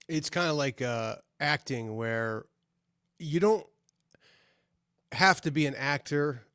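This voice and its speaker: A man's voice: a little high, slow, fairly bright tone, clear, resonant tone, no echo. A chatty, enthusiastic man hosts the interview in a slightly raised voice. The recording is dry and close, with no room sound. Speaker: podcast host. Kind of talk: casual conversational interview.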